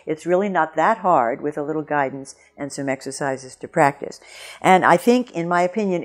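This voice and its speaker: A woman teaching French pronunciation in a video lesson, clear and deliberate, slowing down to model each sound. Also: deep voice.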